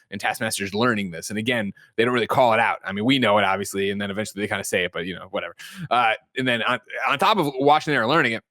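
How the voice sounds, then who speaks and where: Bright, animated podcast host recapping a film. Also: male voice, lowish voice, no echo. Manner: animated storyteller acting out scenes with swearing and laughs. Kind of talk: casual chat recapping a film.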